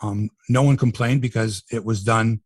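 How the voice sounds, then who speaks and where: A middle-aged man hosting a sports podcast, talking in an animated, profane, ranting way. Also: on the low side, normal speed, no room sound, studio quality. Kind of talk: casual sports talk.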